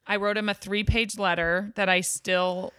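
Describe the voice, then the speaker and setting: A woman's voice: mid-range voice, little pitch movement, moderate pace, pushed and bright, clear, resonant tone, no echo, studio quality. A young adult woman, a podcast guest, telling a personal story in casual chat, full of "like"s and restarts. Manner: chatty, many "like"s and restarts.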